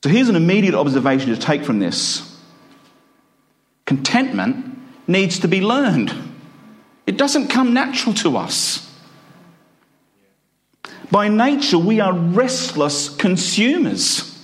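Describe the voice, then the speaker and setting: A man preaching a sermon, explaining a scripture passage with earnest, deliberate emphasis. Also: high-pitched, big pitch swings. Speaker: pastor.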